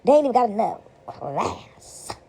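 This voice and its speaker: In a slightly high, sing-song voice with a dark tone and breathy edge, a vlogger talks a little slowly to her viewers about spiritual matters. She's at home, reclining among laundry, rambling, repeating herself, and putting on mocking voices.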